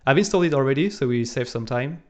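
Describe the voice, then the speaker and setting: A man's voice: medium pitch, expressive, fast. Male co-host talking through code at his desk, loose and filler-heavy, typing audible. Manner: thinks aloud while typing, with frequent fillers. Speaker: live stream co-host. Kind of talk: casual coding walkthrough. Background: keyboard typing and clicking.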